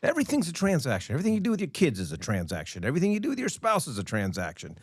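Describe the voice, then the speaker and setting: A man co-hosting a real estate podcast, talking casually with a halting, joking manner. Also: fairly high pitch, wildly swooping pitch, breathy edge, no room sound, clean studio sound. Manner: hesitant, lots of ums and restarts, joking.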